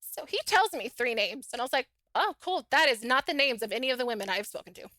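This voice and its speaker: A woman's voice: fairly high pitch, fast, no echo. A middle-aged woman, a podcast guest, casually telling her own story and acting out the dialogue in it. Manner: animated, acts out quoted dialogue.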